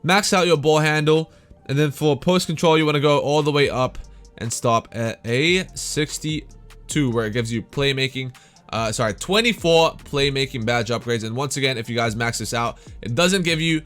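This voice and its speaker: A man's voice: mid-range voice, normal speed, fairly bright tone, faint music behind. A tired young man hosting a casual gaming tutorial, upbeat and chatty, saying "man" and "guys" often. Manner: hyped, repeats "man" and "guys". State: tired, slightly worn voice. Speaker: gaming YouTuber host.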